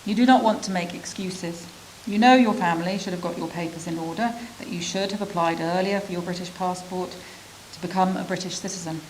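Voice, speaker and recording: A woman reading a literary prose story aloud at a measured, reflective pace, with pauses between phrases. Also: fairly low pitch, steady tone, darkish tone, slight background noise, rough recording. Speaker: reader of a refugee's story.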